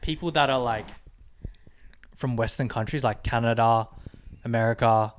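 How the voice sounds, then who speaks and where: A man's voice: mid-range voice, moderate pace. A young man hosting a casual late-night chat, rambling and filling his talk with "like" and "bro". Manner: rambling, heavy on filler "like" and "bro". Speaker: podcast host.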